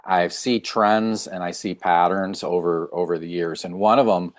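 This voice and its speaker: A man's voice: low voice, moderate pace. A middle-aged man, a chiropractor being interviewed, talking casually and acting out quoted dialogue as he tells stories. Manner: animated storyteller, acts out quoted dialogue. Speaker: chiropractor guest.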